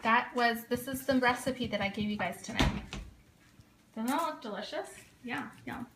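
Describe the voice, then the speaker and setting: A woman's voice: fairly high pitch, normal speed, background noise. A pregnant woman in her late thirties, a little out of breath, chatting and giggling as she gives viewers a tour of her home on a tripod camera. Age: 30s. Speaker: home organizing vlogger. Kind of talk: casual live-stream chat giving a home tour.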